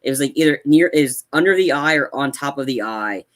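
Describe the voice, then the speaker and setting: A man co-hosting a casual film review podcast, agreeable and halting, leaning on "like" and "yeah" as he recounts scenes. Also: medium pitch, animated, fairly bright tone. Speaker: movie reviewer co-host.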